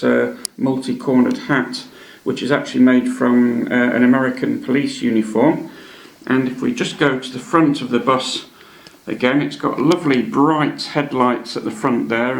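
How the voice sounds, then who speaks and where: A man's voice: mid-range voice, creaky. A man hosting a hobby channel, chatting casually and hesitantly as he shows off models. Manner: chatty, hesitant, many ums and uhs. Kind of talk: casual show-and-tell narration. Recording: echoey room.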